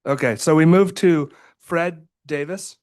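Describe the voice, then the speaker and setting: A man's voice: on the high side, a little slow, darkish tone, clean tone. A man chairing a public budget committee meeting, hesitant and apologetic with many fillers.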